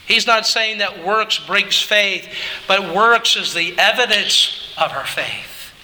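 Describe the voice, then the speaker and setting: A male pastor preaching a Sunday morning sermon in a church, emphatic, rising to shouts on key phrases and dropping low for the conclusions. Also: lively intonation, takes it slowly. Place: church sanctuary. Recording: long hall reverb.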